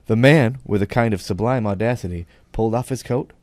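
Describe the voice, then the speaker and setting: Man, low voice, dry close sound, podcast co-host, reads a long joke aloud, wry, laughs at his own slips. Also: a little fast, dry recording. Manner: wry, laughs at himself, restarts lines. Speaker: podcast co-host reading a segment. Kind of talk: casual live podcast banter, reading a long joke aloud.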